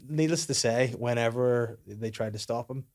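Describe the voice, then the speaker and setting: A man's voice: medium pitch, normal speed, darkish tone. A man hosting a comedy podcast, telling rambling anecdotes in casual chat. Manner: rambling anecdotes full of restarts and quoted asides. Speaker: podcast host.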